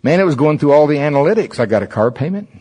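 A man's voice: on the high side, expressive, fast, warm tone, husky. A man preaching a sermon at a church service, conversational and humorous, asking many rhetorical questions.

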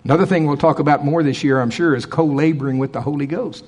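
Male preacher, sermon, husky, slightly high-pitched, animated delivery. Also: fast. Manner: animated preaching with sharp swings between loud emphasis and quiet asides. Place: church.

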